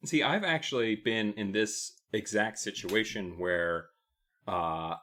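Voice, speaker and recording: A man's voice: on the low side, slow pace, pushed and bright. A man from the United States co-hosting a podcast, chatting casually with hesitant, laughing restarts. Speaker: podcast co-host.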